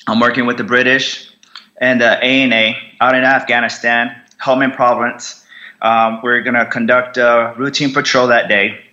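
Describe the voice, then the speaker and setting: A man from the United States speaks as a podcast guest, swearing freely and stumbling through restarts as he recounts events. His voice has a bright, forceful edge. The recording sounds a little dull and muffled. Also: mid-range voice, little pitch movement. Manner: raw, profane, halting with many restarts. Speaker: podcast guest, combat veteran. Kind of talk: candid storytelling interview.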